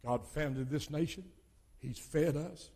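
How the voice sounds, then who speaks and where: Older man, pastor, fervent sermon, loud exhortations and quiet asides, slightly high voice. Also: slow.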